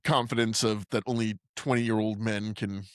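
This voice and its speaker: A man's voice: lowish voice, steady tone, moderate pace, no room sound, studio quality. A man co-hosting a podcast who swears casually and laughs while quoting characters from a comedy movie. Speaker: podcast co-host. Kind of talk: casual movie recap chat.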